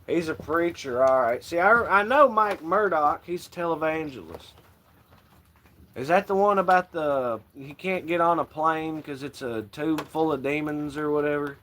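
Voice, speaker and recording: A man's voice: fairly high pitch, normal speed, a bit bright, slight background noise. A man hosting a casual livestream, rambling and swearing freely and laughing often. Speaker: livestream host.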